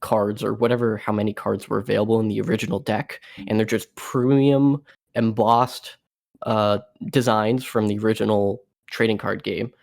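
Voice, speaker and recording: A man's voice: lowish voice, steady tone, normal speed, gravelly. A man co-hosting a podcast in casual chat, laid-back and matter-of-fact. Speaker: podcast co-host.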